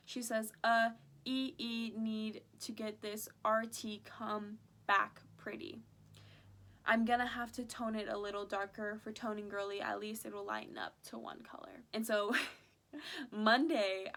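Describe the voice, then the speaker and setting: A young woman vlogger chatting through a story, full of "like" fillers and quoted back-and-forth. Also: medium pitch. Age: young adult. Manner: chatty, animated retelling with many "like" fillers. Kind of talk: casual storytime vlog.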